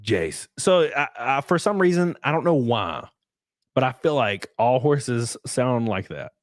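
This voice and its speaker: Playful young man with a lively voice. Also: medium pitch, a little slow, no room sound. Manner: joking, playful, teasing. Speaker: streamer and podcast host. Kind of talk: casual chat.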